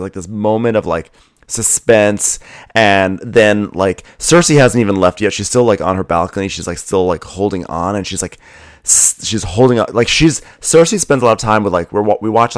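Chatty young man, low dry voice. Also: no room sound. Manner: chatty, many fillers, sarcastic asides. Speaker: podcast co-host. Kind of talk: casual chat recapping a TV episode.

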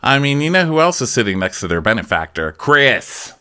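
A man chatting casually on a podcast as he recaps a reality episode. His voice is bright and a little sharp, and his pitch jumps around a lot as he tells the story. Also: fast talker, clear, resonant tone. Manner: animated storytelling, acts out quoted lines. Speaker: podcast co-host.

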